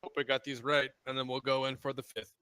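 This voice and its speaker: A man of ordinary pitch playing a tabletop game. He talks softly, half under his breath, muttering reactions as he rolls his dice. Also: level tone, quick pace, a little hiss or hum. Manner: quiet, mutters while rolling dice. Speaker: player. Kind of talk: casual tabletop game chat.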